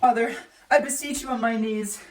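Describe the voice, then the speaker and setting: A woman's voice: on the high side, steady tone, normal speed, background noise, natural voice. A woman playing a desperate, defiant young noble daughter in an amateur Shakespeare reading, earnest and pleading. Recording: roomy echo.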